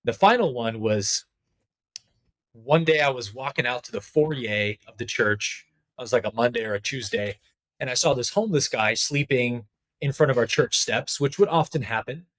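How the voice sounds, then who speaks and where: Animated man telling a story. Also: mid-range voice, normal speed. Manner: animated, conversational, with frequent "like" fillers. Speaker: podcast guest, spiritual teacher. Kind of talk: candid storytelling in a podcast interview.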